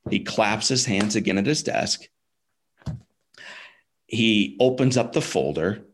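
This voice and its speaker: A man's voice: fairly low pitch, lively intonation, slow, a little hiss or hum. A man guest on a podcast, telling a personal story in a casual, emphatic way, dropping "like", "man" and "dude" and sometimes repeating words. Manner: repeats words when emotional.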